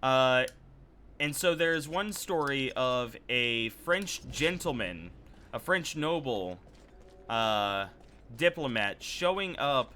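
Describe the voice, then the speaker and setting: A man's voice: mid-range voice, lively intonation, slow, bright, forceful tone. A man streaming a game and telling a rambling, loose story with frequent self-corrections. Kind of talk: casual storytelling while gaming.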